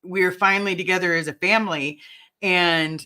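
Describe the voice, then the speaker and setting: Bright, earnest, halting podcast voice. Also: medium pitch, steady tone, smooth. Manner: earnest, emotional, halting restarts. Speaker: podcast co-host. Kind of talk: casual podcast chat.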